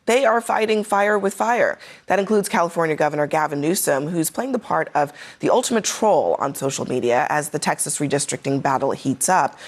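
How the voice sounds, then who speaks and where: A woman news anchor presenting and then chatting with panelists. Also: lowish voice.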